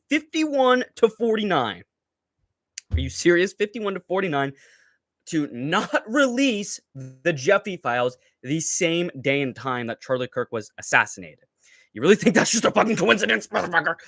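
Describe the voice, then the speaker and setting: A man's voice: high-pitched, a bit bright, no echo, clean studio sound. Profane, ranting young man on a livestream. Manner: profane, heated, mocking. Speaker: livestream host.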